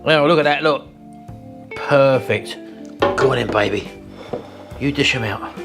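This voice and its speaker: A man's voice: medium pitch, measured pace, gravelly, over loud music. A middle-aged man, chatting casually to viewers as host of a home cooking vlog, enthusiastic and calling them folks. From England. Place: home kitchen.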